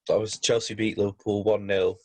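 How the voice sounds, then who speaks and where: A man co-hosting a casual football podcast, talking in halting bursts with many restarts. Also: on the low side, little pitch movement. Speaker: podcast co-host.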